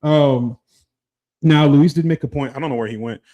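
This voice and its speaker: A man's voice: a little high, normal speed, mellow, lo-fi sound. A man co-hosting a casual podcast, ranting animatedly with lots of swearing and laughter. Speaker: podcast co-host. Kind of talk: casual chat.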